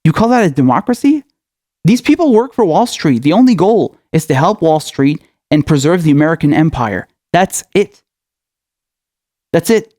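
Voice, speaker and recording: A man's voice: a little high, very animated, moderate pace, darkish tone, no echo, clean studio sound. A male political commentator in a furious, profane rant, firing off angry questions.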